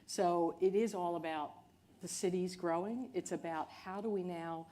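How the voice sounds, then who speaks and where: A woman speaking as a company chief executive on a panel, in a measured, earnest way. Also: fairly low pitch, steady tone, mellow. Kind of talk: panel discussion.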